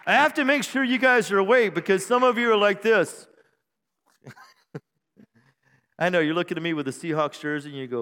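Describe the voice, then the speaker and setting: In a church sanctuary with a long reverb tail, a male pastor delivers a sermon in a high, clear, resonant voice that is fairly bright. He talks at normal speed but pauses often, draws out key phrases, and uses humor and call-and-response to keep his congregation engaged.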